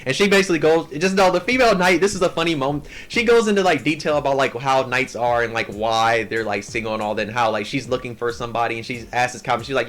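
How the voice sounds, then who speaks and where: A young man hosting an anime channel, recapping a story in a casual, slangy, animated way, full of "like" and "yo.". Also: mid-range voice, fast talker, few pauses.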